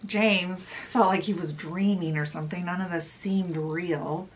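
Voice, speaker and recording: A woman's voice: fairly low pitch, steady tone, a little slow, poor audio. A woman casually retelling a book's story, chatty and full of fillers. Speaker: book channel host. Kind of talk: casual book summary retelling.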